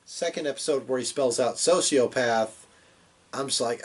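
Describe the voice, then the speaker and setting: A man's voice: medium pitch, normal speed. A man hosting a casual wrestling review show, rambling and swearing with lots of fillers. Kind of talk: casual chat.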